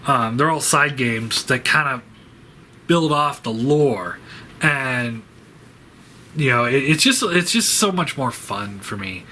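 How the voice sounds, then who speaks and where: A man hosting a toy review channel, talking in a halting, rambling way with lots of fillers and restarts as he says goodbye. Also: mid-range voice, pushed and bright, slight background noise. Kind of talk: rambling farewell vlog.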